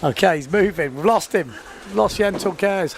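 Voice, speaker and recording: A man commentating live on a sports event, chatty and quick to laugh. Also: sits high, lively intonation, gravelly. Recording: faint outdoor noise.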